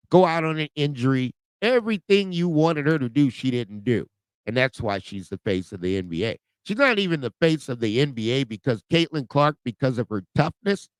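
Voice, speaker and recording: Podcast host, male, impassioned sports monologue, lively swings in pitch, smooth clear tone, dry close sound. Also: no room sound, rough recording. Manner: passionate, emphatic, repeats "okay?" and "right?".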